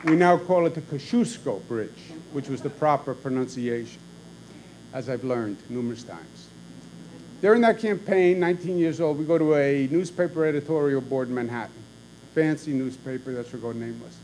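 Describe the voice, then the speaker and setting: A man's voice: mid-range voice, darkish tone, a little hiss or hum, poor audio. A man, a governor telling wry anecdotes in a conversational public speech. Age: 60s.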